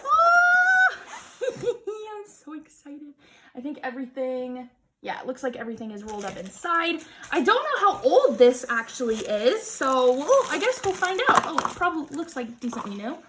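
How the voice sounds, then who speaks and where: A young woman vlogging an unboxing in casual chat, gushing and excitable, repeating exclamations and laughing often. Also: sits high, fairly quick, heavy background noise. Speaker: crafting vlogger.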